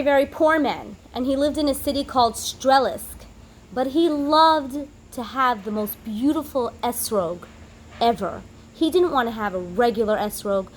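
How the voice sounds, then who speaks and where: A woman teacher giving a holiday lesson to children, telling a story in an animated way and acting out the characters' lines. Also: fairly high pitch, slight background noise, low-quality recording.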